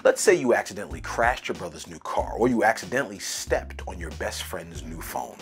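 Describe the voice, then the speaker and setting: A man hosting a scripted English lesson with a clear, explanatory delivery. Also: low voice, expressive, a little fast, faint music behind. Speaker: English teacher host.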